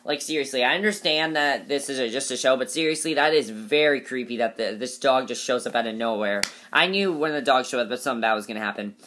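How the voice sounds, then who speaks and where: A man's voice: medium pitch, fast talker, hardly any pauses, pushed and bright, a little hiss or hum. A man recapping a TV episode in a casual, chatty way, with many fillers and restarts and emphatic opinions. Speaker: TV episode reviewer.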